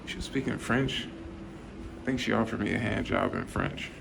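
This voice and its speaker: A man's voice: lowish voice, moderate pace, creaky, noisy background. A man talking casually to his camera while traveling, loose and profane, tossing out joking asides. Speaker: vlogger. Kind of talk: casual vlog talk.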